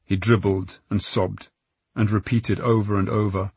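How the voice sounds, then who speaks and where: A male audiobook narrator tells the story at a measured, tense pace. His voice is low and husky. The sound is dry and close to the microphone. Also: little pitch movement, a little mellow, dry recording. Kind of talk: scripted narration.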